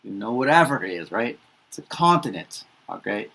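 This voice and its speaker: A man's voice: lowish voice, very animated, normal speed, vocal fry, pushed and bright. A man teaching pronunciation in a casual lesson, saying each word two or three times with chatty asides and laughing at his own slips. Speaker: English teacher.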